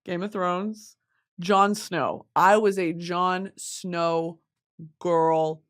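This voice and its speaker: A woman's voice: lowish voice, fairly even intonation, drawn-out words. A young woman vlogging in casual chat, rambling, gushing and giggling as she talks to her viewers.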